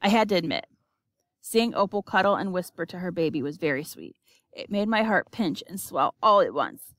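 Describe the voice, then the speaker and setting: A woman giving an expressive, measured audiobook narration. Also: fairly low pitch, no room sound, clean studio sound.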